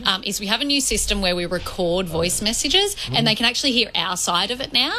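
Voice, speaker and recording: A woman's voice: medium pitch, animated, a little fast, bright, forceful tone. A woman producer on a radio show, apologetically explaining a mix-up. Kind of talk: studio banter.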